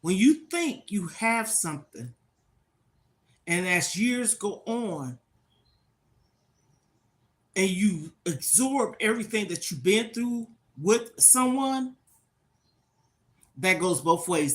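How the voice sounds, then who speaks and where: A woman's voice: fairly low pitch, lively intonation, measured pace, pauses often. Frank older woman talking to viewers. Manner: frank, preachy, repeats "okay?" often. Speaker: livestream host. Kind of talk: casual livestream talk to viewers.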